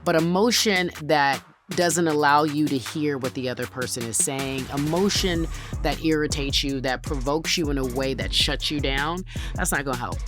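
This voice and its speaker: A deep-voiced woman hosts a podcast, speaking at normal speed with music playing behind her. In this monologue-and-interview format she talks emphatically and conversationally, laying out her points as counted lists.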